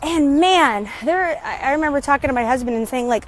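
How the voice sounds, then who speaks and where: Expressive and a little fast, this high-voiced business coach barely pauses as she films a chatty motivational vlog on her phone around her neighborhood. The middle-aged woman stays upbeat and breaks off to greet neighbors.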